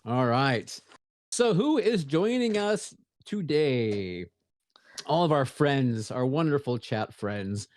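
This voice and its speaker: A man's voice: mid-range voice, expressive, slow, a little mellow, no echo, studio quality. A man co-hosting a casual podcast, easygoing and joking as he greets chat viewers by name. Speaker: podcast co-host.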